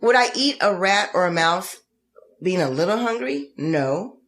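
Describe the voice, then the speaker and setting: A woman co-hosting a podcast, chatting casually and giving opinions with animated retellings. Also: fairly low pitch, a little slow. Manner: animated, opinionated, acts out quotes in dramatic voices. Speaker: podcast co-host. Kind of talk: casual chat.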